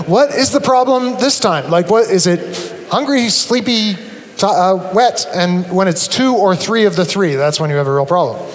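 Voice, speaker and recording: A man with a notably high voice gives an animated, humorous talk from a stage, acting out his examples. His voice rings through a large auditorium with a long, lingering reverb. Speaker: conference speaker. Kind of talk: live conference talk to an audience.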